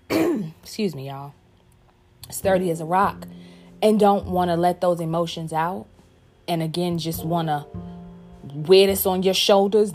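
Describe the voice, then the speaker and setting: A woman speaks to viewers as a parent in a candid personal talk, profane and frank, driving points home through repetition. Faint music plays underneath her fairly low, slightly mellow voice, which is unhurried and pauses often.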